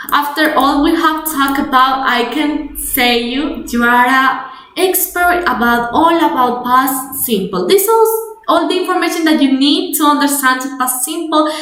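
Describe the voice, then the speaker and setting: A woman's voice: sits high, a bit bright, reverberant. A young woman with a Spanish accent, a native Spanish speaker teaching an English grammar webinar, explaining step by step with restarts. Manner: explanatory, repeats and restarts, code-switches to Spanish.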